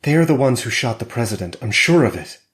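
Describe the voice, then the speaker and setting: A man's voice: medium pitch, very animated, fairly quick, pitched above the performer's own voice, lightly acted. A man reading an audiobook voices the women characters in a raised, urgent tone. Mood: tense. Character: women characters, Price and Sierra, tense.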